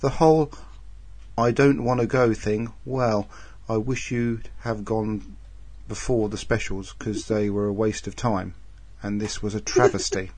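A man co-hosting a casual podcast, reading listener letters aloud in a dry, deadpan way. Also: on the low side, a little slow, no room sound.

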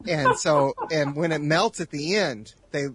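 A man's voice: fairly high pitch, a little slow, fairly bright tone, a little hiss or hum. A man co-hosting a casual podcast, chatting and explaining details. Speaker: podcast co-host. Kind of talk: casual chat.

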